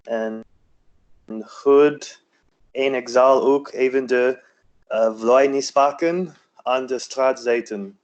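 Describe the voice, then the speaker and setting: A man's voice: medium pitch, slow pace, pauses often. A man reading sentences aloud carefully as a student in an online language class. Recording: dull lo-fi call audio from far off.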